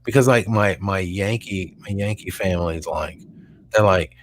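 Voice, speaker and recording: A man with a Texan accent co-hosting a live show in casual chat, rambling and halting with many restarts. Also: deep voice, a little hiss or hum.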